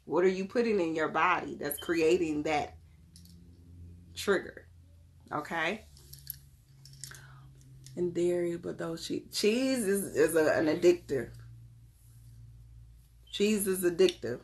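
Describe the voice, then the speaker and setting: A woman with a slightly low-pitched voice chats casually with her viewers. She speaks in a lively, familiar way and laughs easily. She addresses the audience directly and keeps the talk warm and conversational. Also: slow, long pauses. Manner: chatty, lively, often laughing; talks straight to the audience. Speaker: wellness vlogger.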